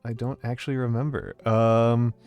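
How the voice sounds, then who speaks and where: A male streamer chats loosely with his audience, stumbling over words and filling pauses with ums and uhs. His voice sits at an ordinary middle pitch. Faint game music plays softly behind him. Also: level tone, clear, resonant tone. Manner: hesitant, filler-heavy, warm greetings to chat. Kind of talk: casual stream chat.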